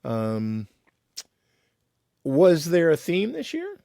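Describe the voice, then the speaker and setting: A man's voice: fairly high pitch, wildly swooping pitch, extremely slow, vocal fry, dark tone, dry recording, clean studio sound. A man hosting a podcast in casual chat, talking straight to the listeners. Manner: chatty, addresses listeners. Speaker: podcast host.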